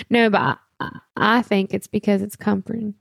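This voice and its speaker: A woman's voice: medium pitch, steady tone, unhurried, vocal fry, husky, dry recording, clean studio sound. A woman co-hosting a podcast, chatting casually in an emphatic, outspoken way. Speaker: podcast co-host. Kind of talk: casual chat.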